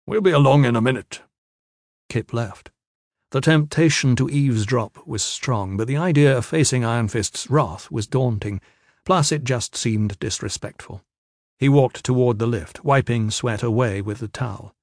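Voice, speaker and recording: Guy reading an audiobook, steady and measured, dry mic, no room sound. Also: medium pitch, no echo. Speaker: audiobook narrator. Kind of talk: scripted narration.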